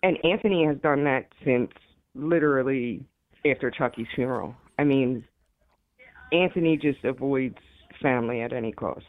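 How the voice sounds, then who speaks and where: A woman's voice: very deep voice, normal speed, no room sound. A middle-aged woman talking as a guest caller in an interview, rambling and quoting her family. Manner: rambling, repeats herself, quotes family members. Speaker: grieving mother, guest caller. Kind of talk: emotional interview talk. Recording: tinny phone line, dry.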